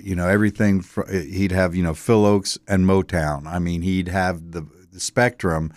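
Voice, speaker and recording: An older man from Delaware answers interview questions in a rambling, easygoing way, full of fillers and restarts. His voice sits very low. The sound is dry and close. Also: fairly even intonation, moderate pace, no echo. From Delaware, USA. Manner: rambling storytelling with many fillers. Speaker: interview guest. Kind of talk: casual interview.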